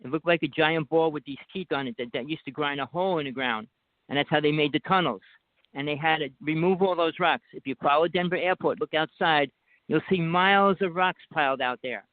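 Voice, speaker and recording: A man's voice: on the high side, fairly quick, dry recording. Insistent man with a Jersey accent on a phone line. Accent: New Jersey. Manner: insistent, talks over the other speaker. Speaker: guest. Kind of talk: rambling phone conversation. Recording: dry tinny phone line.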